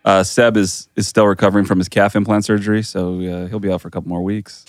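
A man's voice: fairly low pitch, level tone, fast, dry recording, studio quality. A man co-hosting a pop culture podcast, talking casually and restarting sentences as he argues a point. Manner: laid-back, restarts a lot while arguing. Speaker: podcast co-host. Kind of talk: casual chat.

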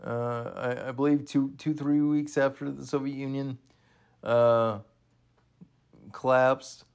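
A man casually commenting along to an old wrestling event. He often bursts into excited exclamations and laughs, then slows down, halting with fillers. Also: medium pitch, vocal fry, clean tone. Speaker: watch-along host.

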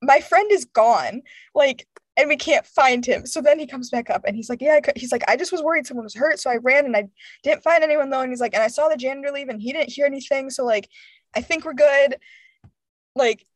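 A woman in her twenties telling a story in casual chat, animated and acting out the voices of friends, laughing often. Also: high voice, fast talker, dry recording. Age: 20s.

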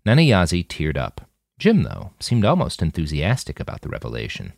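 A man narrating an audiobook in an even storytelling manner. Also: moderate pace, gravelly, dry recording, clean studio sound. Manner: deep, even storytelling with wide pitch swings.

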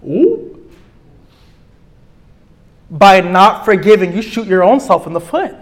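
A man, teaching a class on relationships in an emphatic, preachy way, often slowly repeating key phrases. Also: sits high. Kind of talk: sermon-style teaching.

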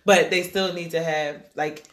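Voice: mid-range voice, fairly even intonation, measured pace, a bit bright. Supportive blunt parent, echoey room. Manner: supportive, frequent agreeing, blunt with swearing. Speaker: parent giving advice. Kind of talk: casual chat. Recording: roomy echo.

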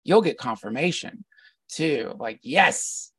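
A man's voice: medium pitch, normal speed, gravelly, a bit bright, no echo, clean studio sound, far from the mic. A middle-aged man, a podcast guest, talking casually in a reflective, meandering storytelling way. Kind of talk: casual conversation.

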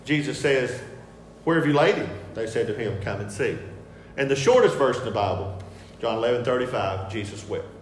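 A man preaching a sermon with picture slides, emphatic and repetitive, shifting between soft asides and loud declarations. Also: medium pitch, animated, normal speed, slight background noise. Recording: echoey hall with faint ambience.

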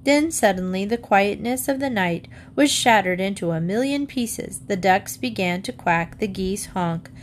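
A woman reads a children's book aloud in a lively storytelling voice. Her pitch sits in the middle range. A faint hiss runs under the recording. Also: measured pace, hardly any pauses. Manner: lively storytelling, raises pitch for the girl's lines. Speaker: reader.

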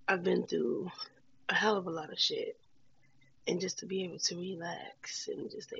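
In a casual vlog, a woman speaks frankly to her viewers, offering encouragement heavy with slang in a heartfelt talk to camera. Her fairly low voice is creaky and a little rough, and the audio sounds dull.

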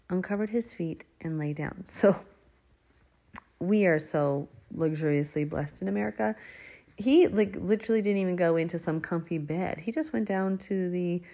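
A woman's voice: fairly low pitch, a little mellow. A woman leading a casual Bible study, reading verses aloud and then explaining them in a chatty way. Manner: acts out the figures' lines in an everyday voice. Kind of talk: casual scripture reading and commentary.

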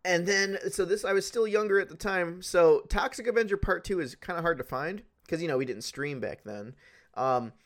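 Animated man telling a story. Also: sits high, moderate pace. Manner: animated storytelling, swearing, laughing. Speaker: podcast co-host. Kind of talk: casual podcast chat.

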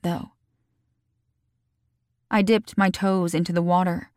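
Calm woman narrating an audiobook. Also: lowish voice, dry recording, studio quality. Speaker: author reading her own novel. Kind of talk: first-person audiobook narration.

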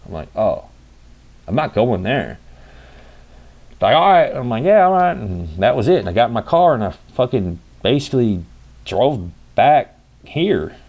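A man's voice: on the low side, expressive, measured pace, pauses often, husky, phone-quality sound. A young man telling a rambling story in a casual vlog, cursing freely and acting out the dialogue. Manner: rambling, profane, acts out quoted dialogue. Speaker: vlogger.

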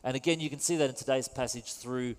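A man's voice: mid-range voice, steady tone, fast talker. A man preaching a sermon in a conversational, wry and self-deprecating way. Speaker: pastor. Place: church. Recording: long reverb in a church hall.

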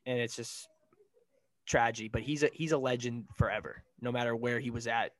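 A man's voice: mid-range voice, steady tone, a little fast. A young man co-hosting a podcast in casual chat, enthusiastic, laughing often and heaping praise on people. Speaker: podcast co-host.

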